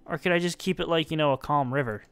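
A man's voice: on the high side, fast talker, fairly bright tone, clear, resonant tone. A young man giving casual, self-mocking commentary while playing a building game, talking to himself as he works. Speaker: let's-play gamer.

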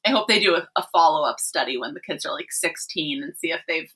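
A woman hosting a podcast interview, enthusiastic and quick to laugh in casual chat. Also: low-pitched, animated, sharp tone, husky, poor audio. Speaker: podcast host.

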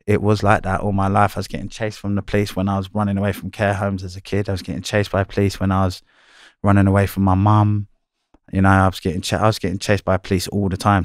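Male, low and even delivery, candid storyteller, swears freely, dry close recording. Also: no echo. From London. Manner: blunt, swearing, slangy, repeats himself. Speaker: interviewee.

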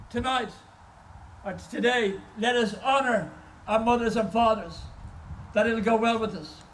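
A man's voice: very high voice, a little slow, long pauses, recorded from a distance, noisy background. A man preaching an impassioned sermon as a guest speaker, telling stories at an outdoor car park service.

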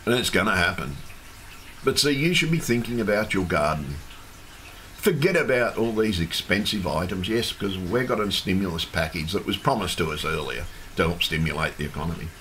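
Australian male protester, low-voiced angry home rant, fish tank hum behind. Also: animated, fairly quick, a bit bright. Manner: angry, ranting, swears.

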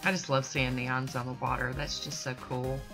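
A woman's voice: very deep voice, level tone, normal speed, gravelly. A woman, chatty and folksy, narrating her nail art tutorial. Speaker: nail art channel host. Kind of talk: casual tutorial voice-over. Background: soft background music.

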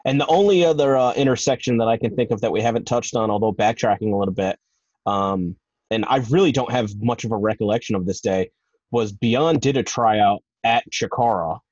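A man's voice: lowish voice, fairly quick, a little mellow, dry recording. A man hosting a podcast interview, asking questions and thinking aloud in a rambling way. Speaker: podcast host and wrestling promoter. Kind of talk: casual interview. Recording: dull, dry lo-fi sound.

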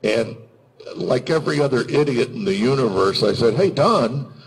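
Older male panel guest, gravelly delivery, animated storyteller, handheld mic. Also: medium pitch, normal speed, low-quality recording. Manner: animated, slips into announcer and character voices. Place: convention panel room. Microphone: handheld microphone.

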